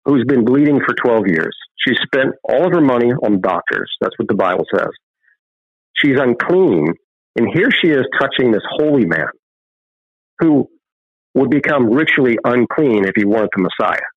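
A man's voice: mid-range voice, no echo. Male guest preacher-storyteller, fervent, acts out scripture voices, muffled remote line. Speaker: guest, filmmaker and ministry founder.

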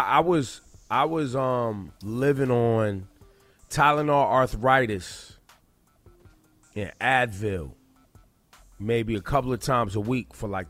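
A man's voice: mid-range voice, takes it slowly, long pauses, a bit bright, dry recording, faint music behind. A man hosting a morning radio show, joking bluntly and rambling loosely in casual banter from a studio mic. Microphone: studio microphone.

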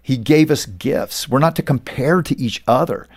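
A man's voice: mid-range voice, moderate pace, husky. A middle-aged man, a pastor and author, telling stories as a guest in an interview, acting out the quoted voices. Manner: animated storyteller, acts out quoted voices. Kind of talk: storytelling interview talk.

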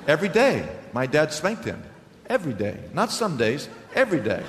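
A man's voice: on the high side, huge pitch swings, moderate pace, fairly bright tone. A middle-aged male pastor preaching a sermon to his congregation, telling stories with humor and repeating lines for emphasis. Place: church sanctuary before a congregation. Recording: hall reverb with faint room noise.

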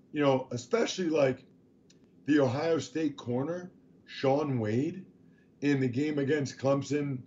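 A man co-hosting a sports talk show, his voice raspy and hoarse, rambling and restarting as he talks. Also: a little high, mellow, dull audio. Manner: rambling, self-interrupting.

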